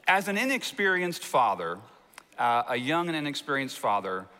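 Folksy preacher in a reverberant hall. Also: male voice, mid-range voice, moderate pace. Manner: folksy storytelling, animated when telling anecdotes. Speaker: pastor. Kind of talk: sermon.

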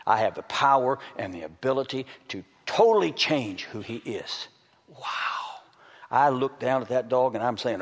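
Male preacher, folksy, punchy loud bursts, long hall reverb. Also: medium pitch, lively intonation, moderate pace. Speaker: preacher and dog trainer. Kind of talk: sermon.

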